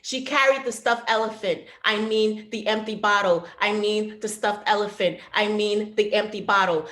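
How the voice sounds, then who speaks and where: A woman reading her own poetry aloud over a video call, with a measured, rhythmic delivery that drops to a hush. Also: medium pitch, fairly even intonation. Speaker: poet. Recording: roomy echo.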